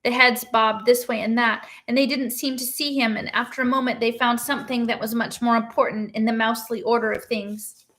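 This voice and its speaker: Woman reader, novel read-aloud, steady, measured, slightly high voice.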